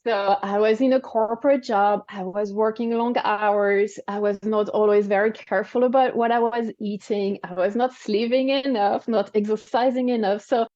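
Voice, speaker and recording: A woman's voice: mid-range voice, fairly even intonation, normal speed, hardly any pauses, warm tone, dry recording, highs cut off. A woman in her forties with a French accent, a guest in an interview, explaining her experience in a reflective way with frequent "right?" and "you know". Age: 40s. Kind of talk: interview conversation.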